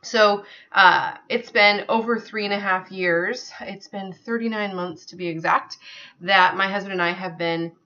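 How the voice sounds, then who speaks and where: A woman's voice: medium pitch, fairly even intonation, measured pace, bright, forceful tone, lo-fi sound. A woman telling a personal story to her viewers in an earnest, conversational way, with many fillers. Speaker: vlogger.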